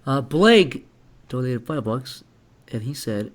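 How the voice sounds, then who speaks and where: A man's voice: medium pitch, sing-song, slow. A man in his twenties hosting a live stream, joking, teasing and reading donations aloud. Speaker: streamer host. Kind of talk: casual live stream chat.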